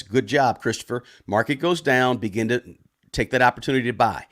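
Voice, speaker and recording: A man hosting a personal finance channel, answering viewer questions live in a loud, casual way and often ending points with a tag question. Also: mid-range voice, brisk. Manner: talks loud, tag questions, frequent restarts.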